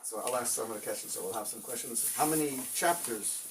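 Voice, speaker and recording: A man's voice: mid-range voice, a little fast. A man teaching an informal Torah class as a rabbi, telling stories in a conversational way with many fillers and Hebrew terms. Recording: distant mic with faint noise.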